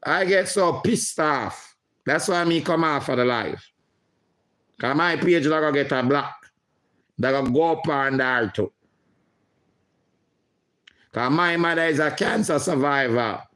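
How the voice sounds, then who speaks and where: A middle-aged man hosting a livestream, reading viewer comments aloud in a slow, emotional way. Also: on the high side, fairly bright tone. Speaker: livestream host.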